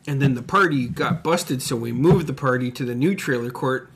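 A man's voice: medium pitch, normal speed, creaky, a bit bright, slight background noise. A man casually telling a rambling story in a podcast chat, swearing often and laughing along. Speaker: podcast co-host.

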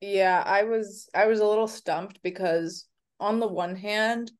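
A woman co-hosting a podcast in casual chat, recapping scenes in an animated way and laughing along. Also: mid-range voice, measured pace. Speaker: podcast co-host.

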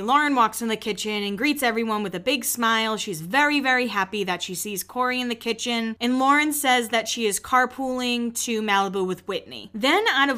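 A young woman talks through a recap on her podcast in a loose, chatty way, tossing out opinions and the odd swear word. Her voice sits a little high and sounds bright and forceful. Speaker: podcast host. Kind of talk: casual episode recap.

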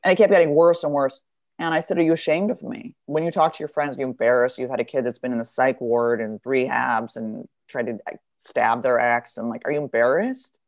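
A fifties-aged woman guesting on a podcast speaks in a rumbling low voice at a brisk pace. Candid and blunt, she curses liberally and animates her stories by doing voices.

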